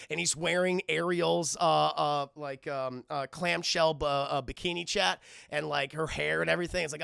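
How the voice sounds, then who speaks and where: A man streaming a casual, profane film recap, animated and talking to his chat throughout. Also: fairly high pitch, creaky, no echo, clean studio sound.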